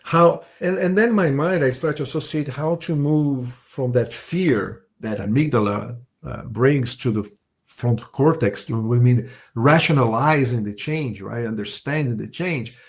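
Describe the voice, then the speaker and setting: A man guest on a podcast, talking in a relaxed conversational way. He often restarts his words and ends points with a tag question. His pitch is in a plain middle range for a man. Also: measured pace. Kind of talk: casual conversational interview.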